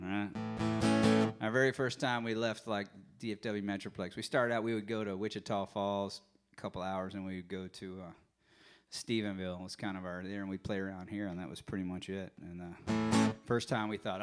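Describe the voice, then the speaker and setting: A man's voice: on the low side, level tone, brisk, loud music behind the voice. A man telling rambling, joking stories between songs as host. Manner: rambling, joking, trailing off with filler. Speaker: host and musician. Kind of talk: casual storytelling between songs.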